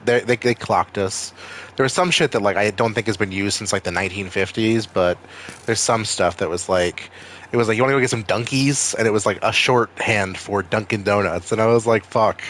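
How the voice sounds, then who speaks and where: A man's voice: fairly low pitch, fairly even intonation, moderate pace, a bit bright. A man with a Maine accent streaming a video game, chatting casually with viewers in a rambling, freely swearing way. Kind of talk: casual gaming stream chat.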